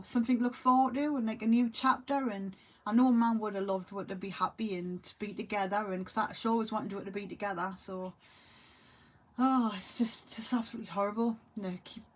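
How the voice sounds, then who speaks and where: A grieving, tearful woman talks to camera in a halting way, often trailing off and repeating herself. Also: medium pitch. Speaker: vlogger. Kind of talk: emotional monologue to camera.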